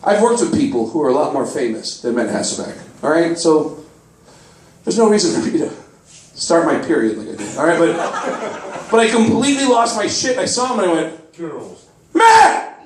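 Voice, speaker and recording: A man telling a stand-up comedy story on a club stage, animated, bursting into loud high shouts as he acts out people. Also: a little fast. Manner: animated, swings into loud high shouts when acting out characters. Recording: roomy club sound from a distance, faint noise.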